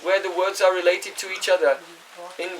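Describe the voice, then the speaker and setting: A spiritual teacher with a high-pitched voice and little pitch movement gives a scripture class at a moderate pace, sounding distant from the mic. He explains at length, chants Sanskrit verses, and checks in with his listeners.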